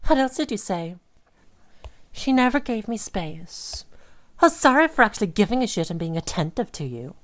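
A woman playing a volatile, obsessive young woman in an audio role-play monologue, swinging between sweet cooing and sudden rage with breathy, hushed asides. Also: on the high side, expressive, takes it slowly, long pauses. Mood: furious. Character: volatile, obsessive young woman who holds her partner captive.

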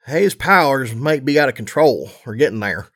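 A man voicing a weary mother mare pony, gruff but loving, in a low tired plain delivery. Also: animated, normal speed, a bit bright.

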